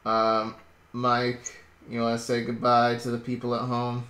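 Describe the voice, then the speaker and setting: A man hosting a casual late-night stream chat from home, rambling and jokey with halting restarts. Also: mid-range voice, completely flat delivery, a bit bright. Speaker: stream host. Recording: roomy echo.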